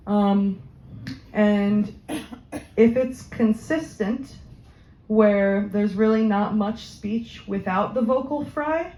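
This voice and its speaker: A woman giving an informal question-and-answer talk on voice health, chatty and quick to laugh, with many ums. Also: mid-range voice, dark tone. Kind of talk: informal Q&A presentation. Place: community room at a senior living center. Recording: echoey, slightly dull room recording.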